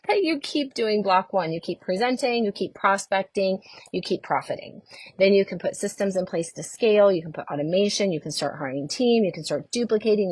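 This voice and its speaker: A middle-aged woman coaching on a live stream, chatty and animated, who greets viewers by name as she talks. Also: fairly low pitch, slightly rough, no room sound. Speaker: network marketing coach.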